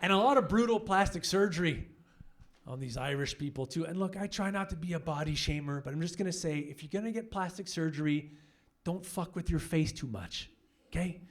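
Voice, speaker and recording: A young man doing a stand-up comedy set on a club stage, brash and profane, telling animated stories into a handheld mic. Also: a little high, a little fast. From Canada.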